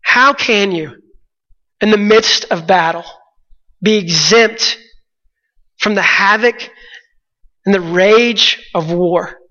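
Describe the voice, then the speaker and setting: A man's voice: sits high, bright, forceful tone. A man preaching a sermon in a church hall, earnest and repeating phrases for emphasis. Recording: dull sound with long hall echo.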